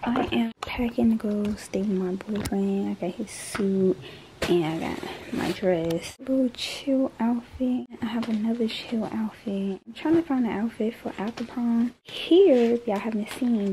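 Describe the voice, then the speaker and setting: A woman's voice: mid-range voice, moderate pace, mellow. A woman in her late teens talking casually to her phone camera in a vlog, chatty and often dropping to a whisper. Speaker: vlogger. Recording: noisy phone recording.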